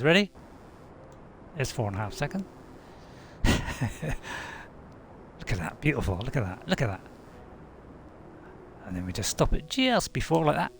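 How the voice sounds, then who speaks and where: Middle-aged male host, chatty gameplay commentary, lively pitch, gravelly. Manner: rambling, chatty, chuckling asides. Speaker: gaming channel host.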